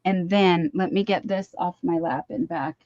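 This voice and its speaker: A woman's voice: fairly low pitch, moderate pace, a little mellow, dry recording, muffled recording. Chatty, easily sidetracked middle-aged woman. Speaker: livestream host. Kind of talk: casual live-stream chat. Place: at home. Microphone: computer mic for a live stream.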